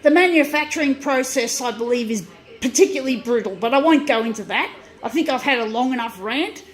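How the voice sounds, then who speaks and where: A woman's voice: a little high, expressive, brisk. A woman running a small print business who rants angrily and with heavy swearing about her photocopier. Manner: swears heavily, frustrated, restarts sentences. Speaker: small business owner ranting on video. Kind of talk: angry profane rant.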